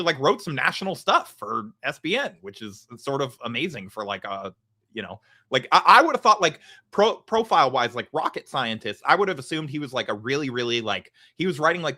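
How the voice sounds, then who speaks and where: Lively, rambling male podcast co-host. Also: mid-range voice. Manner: rambling, full of "like" and restarts, teasing. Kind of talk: casual podcast chat.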